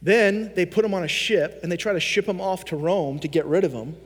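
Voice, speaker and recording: High-voiced pastor preaching in a reverberant hall. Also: male voice, brisk, husky. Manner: animated storytelling, acting out quoted voices. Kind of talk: sermon.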